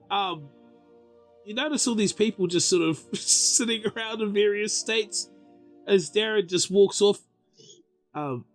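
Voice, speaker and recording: A male game master narrating a tabletop session in a high, easygoing voice. He talks slowly and loosely, with lots of fillers. Faint music plays in the background.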